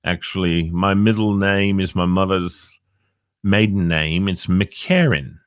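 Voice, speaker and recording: A man's voice: low-pitched, slow pace, no echo, clean studio sound. A middle-aged man hosting a live online show, chatting casually, joking and reading out viewers' names. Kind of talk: casual live-stream chat.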